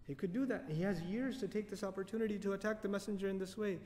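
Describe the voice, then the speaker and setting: A man lecturing on Quran commentary, animated, asking the audience questions and reciting Arabic verses quickly. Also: high voice, big-room sound. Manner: animated, asks the audience questions and answers them. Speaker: Quran teacher.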